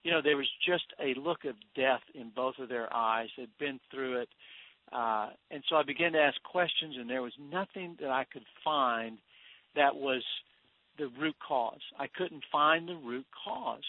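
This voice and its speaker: A man's voice: mid-range voice, normal speed. A man, a financial expert, is a guest on a radio interview, telling a personal story in an earnest, heartfelt way. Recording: tinny phone line, dry.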